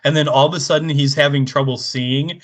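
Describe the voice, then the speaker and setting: A man's voice: on the high side, fairly even intonation, brisk. A man co-hosting a podcast, chatting casually and tossing in dry, crude wisecracks. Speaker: podcast co-host.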